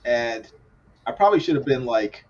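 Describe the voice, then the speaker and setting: A man's voice: medium pitch, animated, moderate pace. Middle-aged man chatting, dull audio. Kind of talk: casual chat.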